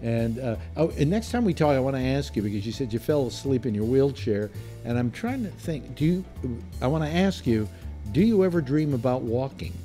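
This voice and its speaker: A man's voice: medium pitch, expressive, fairly quick, mellow. List: older man, host, casual rambling talk, stammers, faint music behind. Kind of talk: casual panel chat.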